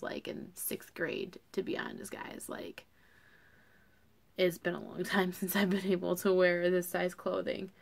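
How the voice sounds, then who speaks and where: A young woman talking casually to camera as a vlogger, chatty and full of fillers. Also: on the low side.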